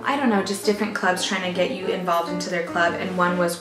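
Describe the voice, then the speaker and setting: A woman's voice: on the low side, fast, hardly any pauses, roomy sound, music in the background, low-quality recording. A young woman with a Californian accent chatting bubbly and casually to camera as a vlogger. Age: young adult.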